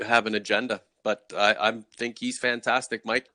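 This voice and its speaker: A man with a bright, forceful voice hosts a casual hockey talk with plenty of energy. He asks questions and reads out viewer comments, recorded dry and close. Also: lowish voice, level tone, normal speed, hardly any pauses, no echo. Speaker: host.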